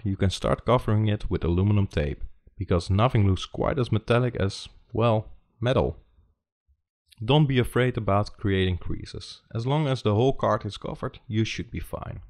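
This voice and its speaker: A man with a Dutch accent giving steady step-by-step instructions in a scripted how-to narration. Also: lowish voice. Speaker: tutorial host.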